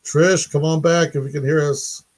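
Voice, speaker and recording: A man's voice: fairly high pitch, steady tone, moderate pace, darkish tone. A man hosting a live stream, talking in an easygoing casual way. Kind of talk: casual chat.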